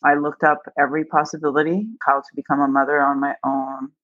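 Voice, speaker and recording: A woman with a low-pitched voice tells her own story candidly and briskly, bringing it to life by acting out the voices of the people involved, laughing as she does. She's a guest, and the recording is dull, lo-fi, and dry, with no room sound.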